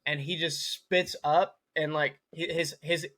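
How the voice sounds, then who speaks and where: A young man co-hosting a podcast with a bright, forceful voice set a little high. He spins rambling, joking stories in loose casual chat, peppered with "like" fillers. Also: steady tone, a little slow. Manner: rambling storytelling with many "like" fillers. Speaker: podcast co-host.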